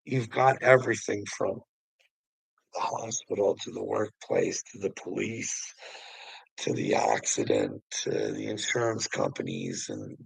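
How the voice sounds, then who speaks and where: Gravelly taunting man. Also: lowish voice, fairly bright tone, no echo, low-quality recording. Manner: taunting, preachy, swears, laughs mockingly. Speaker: channel host. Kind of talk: confrontational livestream rant.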